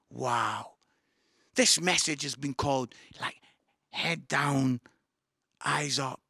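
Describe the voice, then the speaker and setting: Brief: male pastor, high-set voice, bright and forceful, enthusiastic sermon delivery. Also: no room sound, clean studio sound. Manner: enthusiastic, swings between excited outbursts and soft pleading. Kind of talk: sermon to an online audience.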